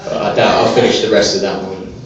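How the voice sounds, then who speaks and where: A man performing a stand-up comedy set on a small club stage, delivering deadpan one-liners with hesitant fillers. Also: lowish voice, fast talker, crowd noise. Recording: echoey, distant, dull live club recording.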